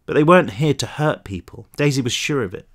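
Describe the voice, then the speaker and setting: Man reading his novel, lively delivery. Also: medium pitch, fast. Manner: lively, expressive storytelling. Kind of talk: audiobook narration.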